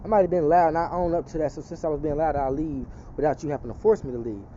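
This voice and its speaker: A man's voice: a little high, steady tone, fast, warm tone, muffled recording, a little hiss or hum. A man telling a personal testimony in casual street talk, rambling and profane, slipping into an emphatic preaching tone.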